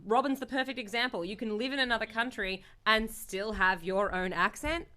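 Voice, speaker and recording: A woman's voice: on the high side, brisk, pushed and bright. An Australian woman on a voice-acting panel, chatting eagerly about her accent. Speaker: voice actress panelist. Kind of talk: casual panel chat.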